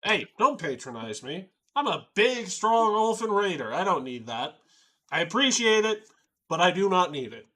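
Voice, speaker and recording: A big, strong raider, played by a man running a tabletop game, blunt and proud. His voice is bright and fairly high for a man. He speaks plainly and matter-of-factly. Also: sing-song, normal speed, heavily acted.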